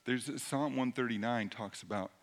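A middle-aged man preaching a sermon in a conversational way, dropping at times to a hushed near-whisper. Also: medium pitch, normal speed. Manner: conversational, shifts between loud emphasis and hushed near-whisper. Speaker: pastor.

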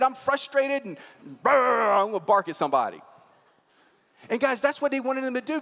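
A man preaches a sermon in a noticeably high voice. He speaks to his congregation like a conversation, asking them questions as he goes. His voice carries a long reverb from the church hall. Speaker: pastor.

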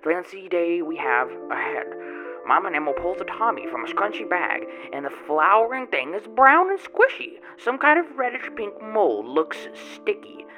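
A man's voice: high voice, big pitch swings, moderate pace, rough recording. A man playing a boastful, grubby male tomato grower, telling his tale in a rambling folksy way with odd grammar, in a first-person character monologue. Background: music.

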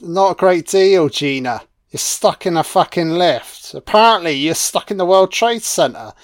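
A man's voice: high-pitched, lively intonation, normal speed, no echo, clean studio sound. A man with a British accent giving an audio commentary on a film, mocking it with sarcastic, heavily profane riffs.

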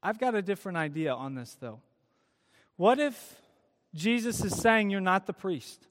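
A man preaching a sermon at a youth event, retelling a story with lively emphasis and many rhetorical questions. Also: sits high, normal speed. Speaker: youth speaker. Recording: long hall reverb.

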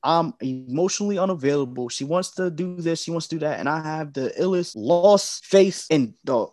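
A man's voice: on the high side, moderate pace, no room sound, clean studio sound. A man, a podcast guest, recounts the losses he went through, acting out conversations with the people in them. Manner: emotional, animated retelling with quoted dialogue. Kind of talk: personal storytelling in conversation.

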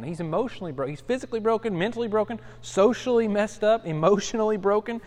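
High-voiced pastor in a reverberant hall. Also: male voice, fast, hardly any pauses, darkish tone. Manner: conversational, self-deprecating, with frequent restarts. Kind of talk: Bible study teaching. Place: church study.

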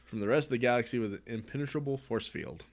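A man's voice: mid-range voice, animated, quick pace. A young man co-hosting a casual chat, reading a comic summary aloud and chuckling wryly at the odd names. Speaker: podcast co-host.

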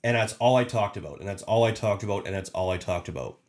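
A man's voice: on the low side, fast, darkish tone. A man giving a casual motivational talk as a podcast host, emphatic and repetitive, often restarting his sentences. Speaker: podcast host and sales leader.

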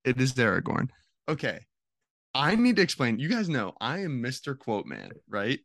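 A man's voice: medium pitch, wildly swooping pitch, normal speed, gravelly, fairly bright tone, no room sound, clean studio sound. A young man chatting casually with friends on a podcast, rambling as he explains himself. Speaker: podcast co-host. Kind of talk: casual chat among friends.

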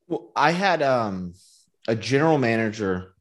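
A man's voice: mid-range voice, very animated, a little slow. A man, a business owner, telling stories in casual podcast talk and acting out quoted dialogue, laughing often.

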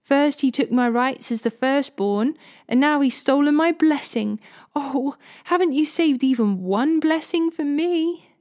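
A woman's voice: high voice, big pitch swings, slow pace, vocal fry, dark tone, pitched above the performer's own voice, full character voice. A woman voicing a grieving young man who begs his father, her voice raised and drawn out. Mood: bitter.

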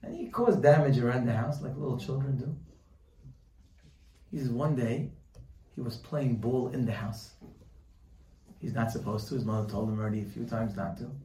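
Animated man telling a Torah lesson. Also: mid-range voice, moderate pace, long pauses, reverberant, distant mic, a little hiss or hum, low-quality recording. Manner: animated storyteller, quotes voices in his telling. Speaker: Torah teacher. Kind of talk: sermon with storytelling.

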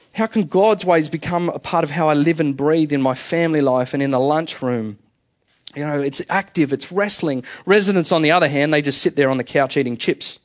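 A man preaching a sermon in church, talking conversationally and asking the congregation questions. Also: fairly high pitch. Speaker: pastor.

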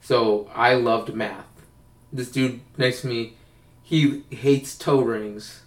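A man's voice: mid-range voice, fairly even intonation, slow. A young man telling rambling stories in casual chat, co-hosting a podcast. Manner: rambling, acts out quoted voices. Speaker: podcast co-host. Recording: roomy, distant mic.

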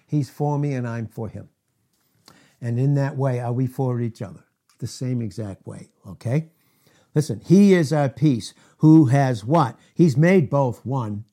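A middle-aged pastor with a mid-range voice preaches a sermon emphatically, posing rhetorical questions and swinging between loud and hushed.

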